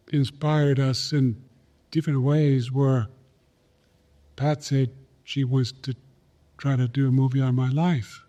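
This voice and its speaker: An older man telling a personal story in an interview, slow and earnest, repeating phrases for emphasis. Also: medium pitch, a little mellow. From Pine Ridge Reservation, South Dakota, USA. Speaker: guest, Olympic champion. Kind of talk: reflective storytelling in a podcast interview.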